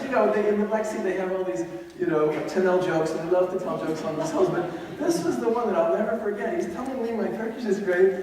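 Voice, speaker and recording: A man's voice: high-pitched, dark tone. A man, a university teacher, telling funny stories to an audience in a chatty way, with many fillers and restarts. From United States. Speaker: university teacher giving a talk. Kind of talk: humorous anecdotal storytelling. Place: large lecture hall or auditorium. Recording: echoey hall, distant mic, faint noise.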